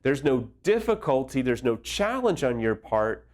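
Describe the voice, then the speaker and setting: A man who works as an affair recovery counselor gives earnest, direct advice in a conversational way, illustrating his points with personal anecdotes. His mid-range voice has a darkish tone, and though he is very animated, he keeps a measured pace.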